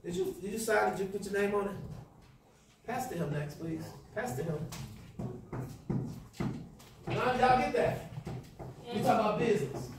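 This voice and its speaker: A man's voice: high-pitched, lively intonation, moderate pace, background noise. A man teaching a class, lecturing with role-play and quizzing students in call-and-response. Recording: echoey classroom from far off.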